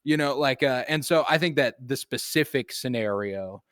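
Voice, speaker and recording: This male podcast co-host has a medium-pitched, fairly bright voice at a moderate pace, captured dry in a clean studio. His casual film talk is loose, full of swearing and filler words.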